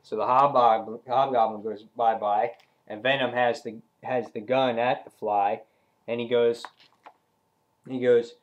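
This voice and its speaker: Man, comic book reviewer, casual, rambling, lots of fillers, mid-pitched voice. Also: steady tone, unhurried, highs cut off. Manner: rambling retelling with many fillers.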